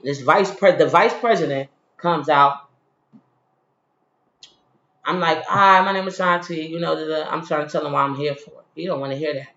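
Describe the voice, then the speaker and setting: A man's voice: a little high, moderate pace. A man telling a personal story in a casual, heated, slang-filled monologue, retelling a frustrating day. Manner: animated, heated, slangy retelling with frequent "you feel me". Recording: roomy, slightly dull recording.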